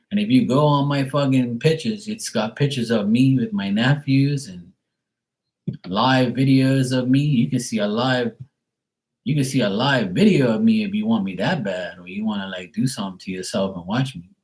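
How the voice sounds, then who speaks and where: A man's voice: medium pitch, a little mellow. Profane ranting man on a live stream. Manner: profane, exasperated, blunt. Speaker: tarot reader. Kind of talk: casual live-stream rant.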